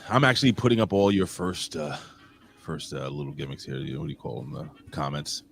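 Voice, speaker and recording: A man's voice: extremely low pitch, brisk, creaky, slightly rough, faint music behind. A man hosting a casual wrestling podcast, joking around and calling out names from the live chat. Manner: shouts out chat commenters, jokey, swings loud and quiet. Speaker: podcast host.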